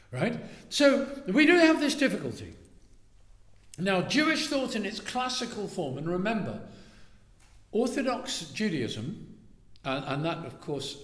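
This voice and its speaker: A man lectures on classical Jewish thought, lively and conversational, acting out small exchanges as he goes. His voice sits a little high and swings widely in pitch. The hall around him is roomy and echoing. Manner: animated, acts out little dialogues, asks "right?". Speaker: speaker giving a talk on Jewish thought. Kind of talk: lively lecture to a synagogue audience. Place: synagogue hall. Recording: echoey hall.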